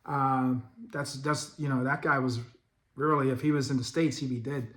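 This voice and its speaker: A middle-aged man hosting a vlog, telling a story in a loose, profane, animated way and laughing as he goes. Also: medium pitch, normal speed. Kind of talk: casual storytelling. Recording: echoey room.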